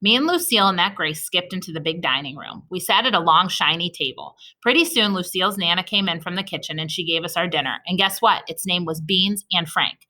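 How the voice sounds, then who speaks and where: A woman's voice: fairly low pitch, brisk, few pauses, bright, forceful tone. A woman reading a first-person children's story aloud, narrating in a chatty, childlike storytelling manner. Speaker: audiobook reader.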